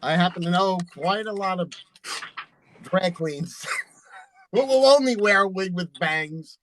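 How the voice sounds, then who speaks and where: A man's voice: high voice, measured pace, a bit bright, a little hiss or hum, low-quality recording. A man, a drag performer and channel host, chatting casually while doing makeup and laughing often.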